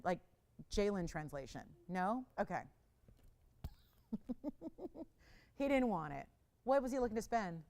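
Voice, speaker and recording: A middle-aged woman hosting a live jewelry shopping show, giving a chatty, urgent sales pitch and bantering with her crew. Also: darkish tone, smooth.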